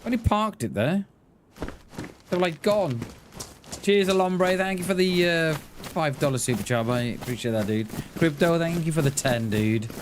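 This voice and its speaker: Guy streaming a game, laughs a lot, lively up-and-down voice, bit high, noisy mic. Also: normal speed. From Wales. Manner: chatty, laughs a lot, thanks viewers, jokey asides. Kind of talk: casual live-stream chat.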